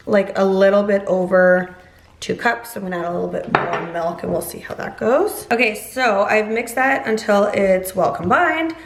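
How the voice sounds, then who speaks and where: A woman talks her viewers through a recipe in a relaxed, chatty way, like she's cooking alongside them. Her voice sits at a middle pitch. It bounces around a roomy home kitchen with a faint hiss underneath. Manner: chatty, explains steps as she cooks. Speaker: vlog host. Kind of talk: casual cooking vlog chat.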